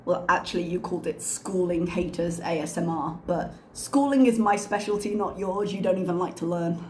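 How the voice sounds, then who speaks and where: A woman's voice: on the low side, fairly even intonation, normal speed, darkish tone, slight background noise. Woman host, reaction commentary, dry sarcastic asides; echoey room. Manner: sarcastic and critical.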